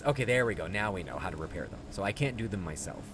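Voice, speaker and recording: A man's voice: low-pitched, lively intonation, fast, background noise. A man streaming a video game, chatting casually and answering his chat as he plays. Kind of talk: casual gameplay commentary.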